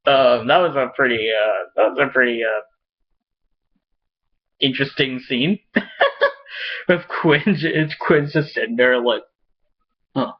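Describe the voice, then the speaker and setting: Male home reviewer, mid pitch, halting and rambling, eager fan, muffled lo-fi recording. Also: husky. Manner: rambling and halting, with many restarts; enthusiastic fan, laughs often. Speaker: TV episode reviewer. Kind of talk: casual spoken review. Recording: dull lo-fi recording.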